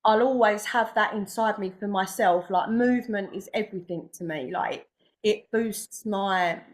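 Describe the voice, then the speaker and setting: A woman's voice: medium pitch, a little slow. A young woman, a podcast guest speaking enthusiastically in casual chat with many fillers. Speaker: guest, massage therapist.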